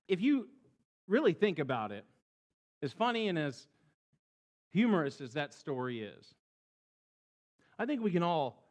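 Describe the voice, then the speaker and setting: A male pastor preaching a Sunday sermon, his voice rising and falling in lively swings. He speaks slowly and deliberately, with a fairly high pitch for a man. His delivery is that of an expressive storyteller.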